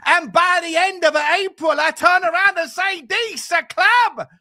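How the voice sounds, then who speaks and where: A man's voice: very high-pitched, bright, forceful tone, voice pushed up, full character voice. A man doing a comic impression of a boastful football manager. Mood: swaggering. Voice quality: swaggering, drawn-out declarations.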